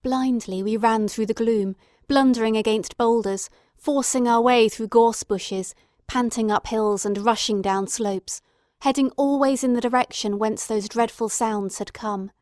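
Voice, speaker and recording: A woman giving steady, dramatic scripted narration of an audiobook. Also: on the high side, unhurried, no echo, clean studio sound.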